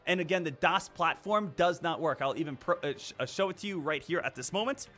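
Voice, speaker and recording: A man with a high, bright-toned voice giving an emphatic live-stream talk about trading. He lectures his viewers and hammers points home by repeating himself. Faint music plays underneath. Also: a little fast.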